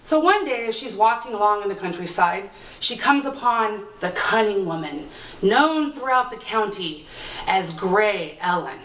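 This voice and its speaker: A woman telling a folk tale aloud with expressive, dramatic pacing, recorded from a distance in an echoey room. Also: medium pitch, a little slow. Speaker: storyteller. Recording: roomy, distant mic.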